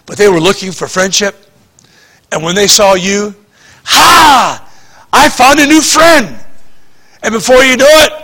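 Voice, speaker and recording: A man's voice: very high-pitched, pushed and bright. A man preaching a sermon as pastor, talking to the congregation in a conversational way, full of rhetorical questions and restarts.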